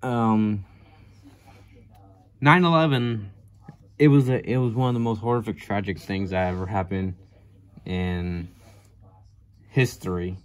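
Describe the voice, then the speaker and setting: A man casually chatting through an unboxing of his collectible model cars, rambling and cursing, with his voice jumping up in excited outbursts. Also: normal speed, pauses often. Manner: rambling, profane, jumpy pitch with excited outbursts.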